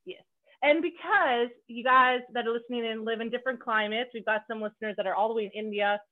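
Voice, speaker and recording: A woman's voice: a little high, quick pace. A woman from Canada hosting a podcast in casual chat, bubbly and joking, swearing freely. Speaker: podcast host. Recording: phone-like narrow band.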